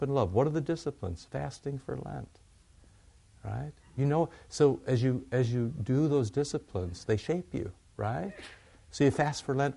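A man's voice: mid-range voice, vocal fry, dark tone. A man preaching a sermon in a conversational way, often asking questions and answering them himself.

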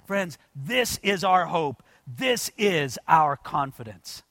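High, bright-voiced man preaching emphatically. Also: big pitch swings, vocal fry, no room sound. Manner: emphatic, addresses the congregation as "friends"; swings from quiet asides to loud, slowed-down declarations. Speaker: pastor. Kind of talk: sermon.

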